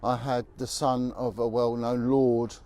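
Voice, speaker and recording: A man's voice: medium pitch, level tone, measured pace, mellow. A man who is a former police officer, telling stories bluntly and with emphasis as he walks down a city street. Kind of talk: walking vlog monologue.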